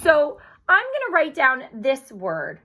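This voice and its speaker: A woman teacher giving a phonics lesson, patient and encouraging, speaking slowly and clearly. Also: high voice, huge pitch swings, a bit bright.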